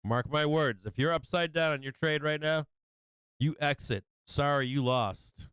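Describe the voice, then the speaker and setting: Excitable, profane man calling the market. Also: a little high, unhurried, clean tone, dry recording, low-quality recording. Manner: excitable, profane, repeats himself. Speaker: livestream market commentator. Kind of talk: casual live trading commentary.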